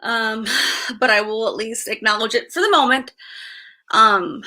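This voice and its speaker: A woman's voice: a little high, expressive, unhurried, pushed and bright. A woman in her thirties chatting casually on a livestream, sighing often and repeating herself as she talks. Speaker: vlogger.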